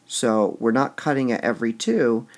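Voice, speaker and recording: A man teaching poetic meter in a recorded lesson, slowly sounding out syllables and muttering to himself as he marks the stresses. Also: mid-range voice. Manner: slow and deliberate, sounding out stressed syllables, drops to a mutter when writing.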